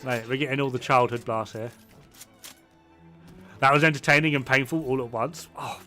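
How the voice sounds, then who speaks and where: A man rambles through casual chat while he plays a game and laughs often. His voice is bright and sits at an ordinary pitch for a man. Faint music plays behind him. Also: steady tone, normal speed. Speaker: gaming streamer.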